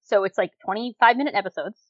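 A woman co-hosting a podcast in casual chat, animated, with lots of fillers and frequent laughter. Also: mid-range voice, fast, no echo, highs cut off. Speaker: podcast co-host reviewing dramas.

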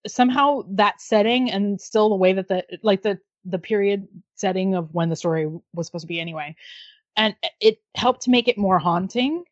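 A woman chatting casually as a podcast co-host, relaxed and agreeable. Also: medium pitch, normal speed, no echo. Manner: relaxed, agreeable, many short backchannels. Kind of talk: casual chat about a TV series. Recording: dull lo-fi dry sound.

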